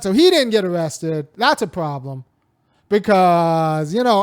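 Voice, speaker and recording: A man's voice: high-pitched, a little mellow, smooth, no room sound, studio quality. A man hosting a casual spoken commentary, talking in a digressive way with frequent restarts and wry laughs. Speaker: host and commentator.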